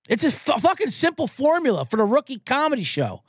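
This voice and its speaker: A man's voice: extremely high pitch, huge pitch swings, a little fast, few pauses, breathy edge, no room sound. Guy hosting a sports comedy pod, swears a lot, gets worked up, voice jumps all over, dead dry sound. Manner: profane, fired-up ranting. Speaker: podcast host.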